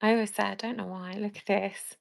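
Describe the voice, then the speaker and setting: Woman, Birmingham accent, gravelly mid-pitched voice, self-deprecating live-stream chat. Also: fairly even intonation, brisk. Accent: Birmingham English. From England. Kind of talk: casual chat.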